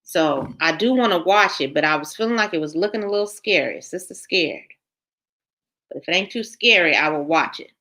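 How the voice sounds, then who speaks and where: A woman, hosting a casual livestream, reading viewers' comments aloud and chatting in a lively way, repeating herself often. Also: fairly low pitch, fairly quick. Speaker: channel host reading live chat.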